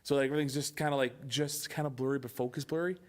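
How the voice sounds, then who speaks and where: A man's voice: medium pitch, steady tone, quick pace. A young man co-hosting a podcast in casual chat, swearing often and acting out movie lines. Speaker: podcast co-host.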